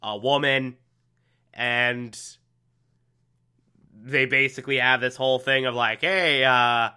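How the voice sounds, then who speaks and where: A young man casually recapping a TV episode, animated and laughing often, acting out the characters' lines. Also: medium pitch, slow, smooth. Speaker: TV episode reviewer. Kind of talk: casual recap with acted-out quotes.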